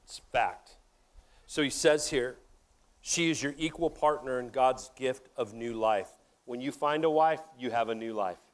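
A middle-aged man preaching a sermon, animated and joking, talking straight to his congregation. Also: mid-range voice, measured pace. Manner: animated, jokey, addresses audience directly. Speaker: pastor.

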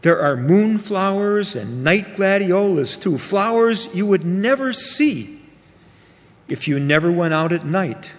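A kindly, wise old owl from a bedtime story, voiced by a man, musing gently and without hurry. The voice sits high, with a long hall reverb lingering behind it. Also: lively intonation, slow.

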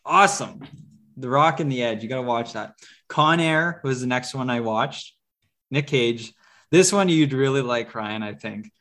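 A man's voice: medium pitch, normal speed, a bit bright. Man, podcast co-host, loose chatty movie talk, lots of ums and restarts. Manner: rambling, many fillers and restarts. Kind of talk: casual movie review chat.

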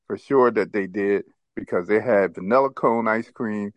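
A man's voice: fairly low pitch, moderate pace, dry recording, lo-fi sound, lightly acted. A man quoting a stern, disappointed female schoolteacher in her scolding questions.

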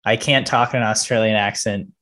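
A man's voice: fairly low pitch, steady tone, fairly quick, bright, forceful tone. Young American man hosting a podcast. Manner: self-deprecating, laughs often. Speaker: podcast host. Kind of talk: casual podcast chat.

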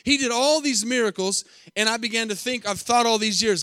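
A man with a fairly high voice preaches a sermon from the pulpit. He speaks emphatically, repeating phrases and firing rhetorical questions at his listeners. The sound is dry and close, with no room echo. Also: moderate pace, fairly bright tone. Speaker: pastor.

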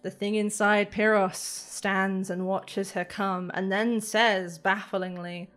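Slow, dramatic woman game master. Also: mid-range voice, little pitch movement, fairly bright tone, soft background music. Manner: dramatic, measured storytelling. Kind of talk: narrating a tabletop game.

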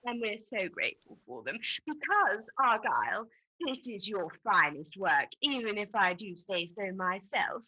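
A woman playing a gushing, bright-voiced interviewer. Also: medium pitch, sing-song, unhurried, slightly rough, muffled recording, heavily acted. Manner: effusive, fawning. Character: gushing, flattering female radio interviewer. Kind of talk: comedy sketch interview.

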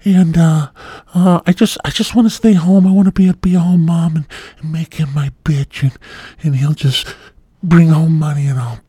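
A man's voice: a little high, steady tone, normal speed, mellow, slightly rough, dry recording, studio quality, voice pushed up. An older man voicing a whiny, entitled woman on a dating app.

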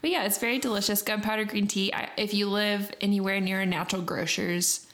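A woman's voice: mid-range voice, steady tone, a little fast, fairly bright tone. Chatty woman co-hosting a podcast. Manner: chatty, laughing, teasing. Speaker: podcast co-host. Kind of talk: casual chat.

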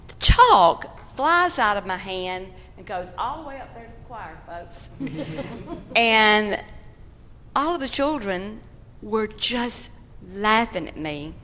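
Slow-spoken older woman in a church. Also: medium pitch, animated, sharp tone. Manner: earnest storytelling, folksy turns of phrase. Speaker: church member giving testimony. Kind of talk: personal testimony in church. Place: church sanctuary. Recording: long hall reverb of a church.

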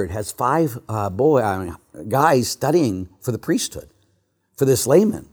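Older male priest preaching to a congregation, animated and joking, drops to a near hush for emphasis, mid-range voice. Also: mid-range voice, a little slow. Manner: animated, joking, swings from loud to hushed. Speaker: Catholic priest. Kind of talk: storytelling talk to a church audience.

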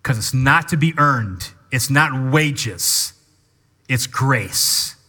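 A man preaching a sermon as pastor, teaching in an animated way and calling people up to act out an example. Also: mid-range voice, drawn-out words. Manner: animated teaching with live demonstration.

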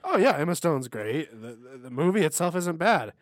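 An easygoing man co-hosting a casual podcast, often halting and restarting his sentences. He has a mid-range voice. The recording is dry and close, with no room sound. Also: a little high, very animated, no room sound. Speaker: podcast co-host. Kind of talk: casual chat over drinks. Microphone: podcast mic.

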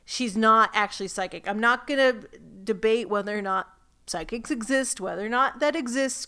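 A woman co-hosting a casual recap podcast who lays out her points with plenty of asides. Her voice sits a bit high, with a bright, smooth, clear tone. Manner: talkative, explains with asides. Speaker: podcast co-host.

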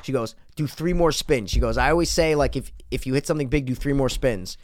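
A man in casual chat, swearing freely and telling a lively casino story. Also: mid-range voice, brisk, no room sound, clean studio sound. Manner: profane, animated storyteller.

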